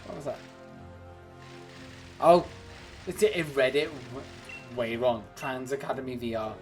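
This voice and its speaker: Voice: medium pitch, unhurried, faint music behind. A streamer chatting casually to viewers during a game livestream, rambling between topics and laughing often. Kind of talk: casual livestream chat while gaming.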